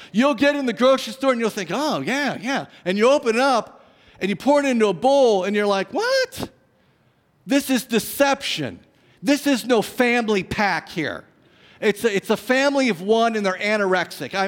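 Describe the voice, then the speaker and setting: A high-pitched male pastor preaching in a church, his voice carrying a long reverb through the hall. He moves dramatically between booming emphasis and hushed drops, with playful asides to the congregation. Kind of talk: sermon.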